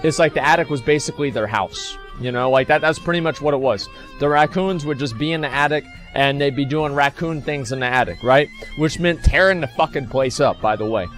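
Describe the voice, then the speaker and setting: A man with a fairly high voice tells a meandering story to his viewers, packed with swearing and casual filler. Faint music plays quietly behind his voice. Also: fairly quick, hardly any pauses. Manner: rambling, profane, restarts and fillers. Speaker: streamer. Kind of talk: casual storytelling to stream chat.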